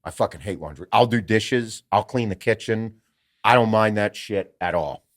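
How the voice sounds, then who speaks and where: A man with a somewhat low voice talks loosely on a podcast, swearing freely and rambling through jokes. The sound is dry and close, with no room around it. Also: moderate pace, dry recording. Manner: profane, joking, rambling. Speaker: podcast co-host. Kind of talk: casual chat.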